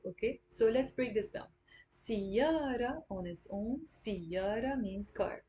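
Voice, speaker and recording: A woman with a Lebanese accent giving an online language lesson, patiently repeating words slowly for learners. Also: a little high, expressive, mellow, slight background noise. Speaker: Arabic dialect teacher.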